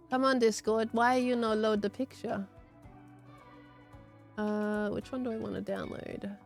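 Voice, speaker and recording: A woman's voice: medium pitch, darkish tone. A young woman chatting casually on a livestream, her voice strained and a bit congested, coughing now and then as she rambles and thanks viewers. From Australia. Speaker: streamer.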